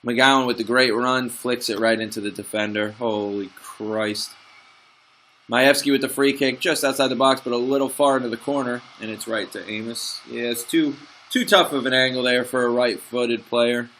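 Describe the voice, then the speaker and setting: A young man narrating his own football management game like a commentator. His voice is bright and ringing, his pitch sits mid-range for a man, and his excited calls give way to frustrated muttering about his team. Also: brisk, hardly any pauses, a little hiss or hum. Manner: excitable, frustrated, swings from play-by-play to grumbling asides. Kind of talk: let's play commentary.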